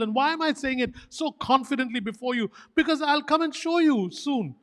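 A man's voice: very high voice, fairly quick, hardly any pauses. A man preaching a sermon as pastor, emphatic and fervent, repeating short phrases for stress. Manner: fervent, animated exhortation.

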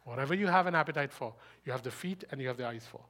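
A man preaching a sermon, fast and emphatic, asking rhetorical questions and rising into loud bursts. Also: medium pitch, slight background noise. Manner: speaks fast.

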